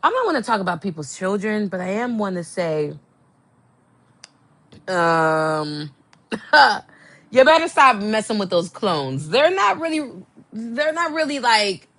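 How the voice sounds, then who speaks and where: A young woman hosting a casual chat show, gossiping with lively swoops of pitch and sudden high exclamations. She takes her time, drawing out her words at an unhurried pace. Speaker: podcast host.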